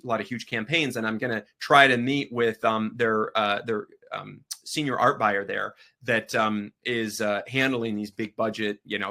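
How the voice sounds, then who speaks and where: A man teaching a photography business workshop in a casual, energetic and rambling way, acting out sales calls as he goes. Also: medium pitch.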